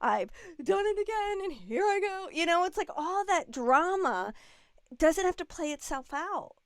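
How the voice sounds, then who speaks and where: A woman with a high, bright voice and wide, lively swings in pitch, animated and expressive. She often slips into quoted dialogue as she talks. The sound is close and dry. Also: measured pace, dry recording. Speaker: guest, relationship and leadership mentor. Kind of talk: casual conversational interview.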